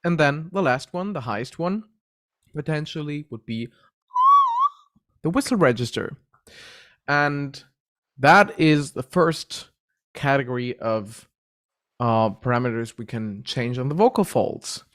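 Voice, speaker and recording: A man teaching a relaxed vocal lesson, explaining voice registers and demonstrating the sounds himself. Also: mid-range voice, unhurried, long pauses. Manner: relaxed, explains terms patiently, breaks into vocal demos. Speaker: vocal coach.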